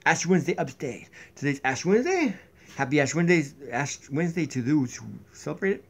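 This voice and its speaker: A man's voice: fairly high pitch, sing-song, fairly quick. A man chatting casually in a home vlog, rambling with mumbled asides, recorded on a tablet in his kitchen. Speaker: vlogger. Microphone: tablet built-in mic.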